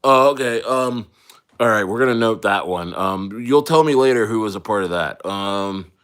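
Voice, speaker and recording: A man's voice: on the low side, normal speed, fairly bright tone, lightly acted. A man putting on the voice of a prying male office supervisor who questions a worker, with a falsely casual manner full of ums.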